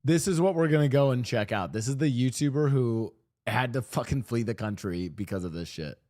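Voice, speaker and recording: A male streamer with an animated, swinging pitch and a medium voice. He rambles, swears casually and often restarts his sentences, picked up close on a desk microphone. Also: a little fast. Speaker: streamer reacting to videos. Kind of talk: casual reaction commentary. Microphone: streaming desk mic.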